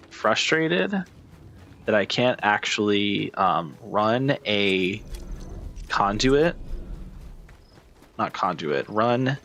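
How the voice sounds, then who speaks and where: A man talks through a game, self-deprecating and swearing under his breath. His voice sits low with a gravelly edge. Soft game music plays behind him. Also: muffled recording. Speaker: gaming streamer. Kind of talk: casual gameplay commentary.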